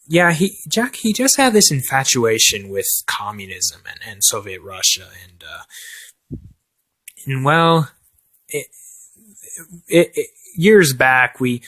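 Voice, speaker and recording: A man's voice: mid-range voice, fairly bright tone. A man playing a nervous brother filling in as a talk show host, rambling and stammering through hesitant stories full of fillers. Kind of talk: amateur comedy sketch.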